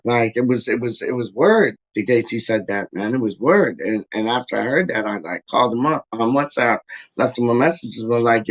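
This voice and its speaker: A man hosting a casual football fan livestream, talking in slang, saying "dog" and "yo" a lot, often restarting his sentences and getting hyped. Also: mid-range voice. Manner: hyped and excitable. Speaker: football fan channel host.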